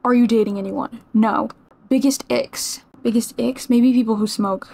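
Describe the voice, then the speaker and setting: A woman's voice: on the high side, steady tone, normal speed, gravelly, mellow, slight background noise. A 21-year-old woman from Massachusetts, a streamer answering viewer questions in a casual vlog, chatty and playfully self-mocking. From Massachusetts, USA.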